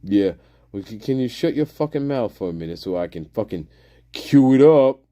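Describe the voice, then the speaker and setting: A man's voice: medium pitch, expressive, normal speed, long pauses, mellow. A man streaming in casual talk, rambling crudely and laughing often.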